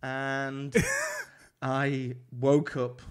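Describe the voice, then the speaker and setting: A chef appearing as a podcast guest tells animated anecdotes in casual conversation, swearing a lot and restarting often. His mid-range voice is smooth and very slow.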